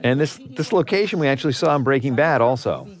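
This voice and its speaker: A man's voice: mid-range voice, expressive, fast talker. A man on a film commentary, enthusiastic, stammering a little, asking the others questions. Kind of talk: DVD commentary chat.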